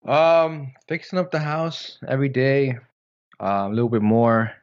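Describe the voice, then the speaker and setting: A man chatting easily on a casual podcast, spinning relaxed stories about his home with playful jokey asides. His voice sits at a middling pitch, and the recording sounds a bit dull and lo-fi. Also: unhurried. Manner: laid-back storytelling, jokey asides. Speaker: podcast co-host. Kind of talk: casual chat.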